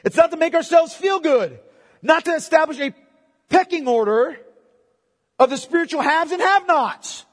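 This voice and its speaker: A man preaching a sermon with emphatic delivery. He repeats key words and moves between loud proclamation and quiet, intimate asides. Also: extremely high pitch, animated, normal speed. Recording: long hall reverb.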